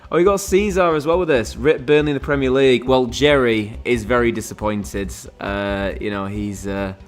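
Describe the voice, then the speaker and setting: A man's voice: mid-range voice, normal speed, faint music behind. A man hosting a quiz game on a live stream, chatting casually and rambling with lots of fillers and restarts.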